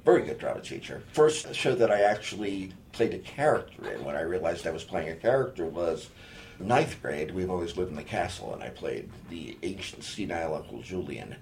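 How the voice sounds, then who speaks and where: A man with a lowish voice chats casually as a guest on a talk show. He is animated and laughs easily. A faint hiss of noise sits under the recording. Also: fairly quick, vocal fry. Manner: animated, chatty, laughs often. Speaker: guest actor. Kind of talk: casual chat.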